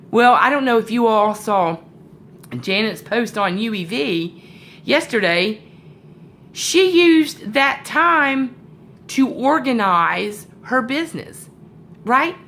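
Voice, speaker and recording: A woman with a sore throat talks to her sales team from home in an easygoing motivational chat. Her pitch sits in the middle range, and she wanders through ums and corrects herself as she goes. Faint background noise is heard. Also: fairly bright tone. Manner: rambling, many fillers and self-corrections.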